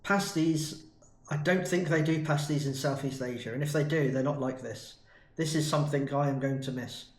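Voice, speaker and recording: A man's voice: on the high side, fairly even intonation, normal speed, echoey room. A man from the UK in a chatty, enthusiastic food review vlog. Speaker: food vlogger.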